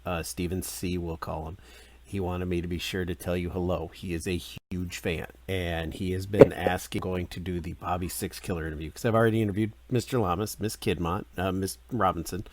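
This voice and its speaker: A man hosting an interview, chatty and eager as he sets up his questions. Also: low-pitched. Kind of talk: casual interview.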